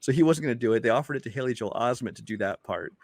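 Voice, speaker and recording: A man's voice: medium pitch, expressive, darkish tone, dry recording, clean studio sound. A man co-hosting a casual bad-movie review show, recounting the plot in a chatty way. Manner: quick, chatty storytelling. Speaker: podcast co-host.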